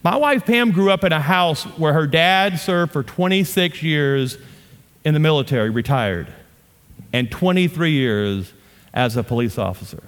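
Pastor telling a funny sermon story. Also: male voice, on the high side, animated, unhurried. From Louisiana. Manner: humorous storytelling, playful asides to the audience. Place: church auditorium. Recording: long reverb of a large hall.

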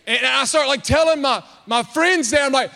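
A man in his thirties preaching in church, telling a funny story in an animated, excitable, self-mocking way. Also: very high-pitched, fairly quick, gravelly. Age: 30s. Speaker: pastor. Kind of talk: humorous storytelling sermon. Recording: long hall reverb.

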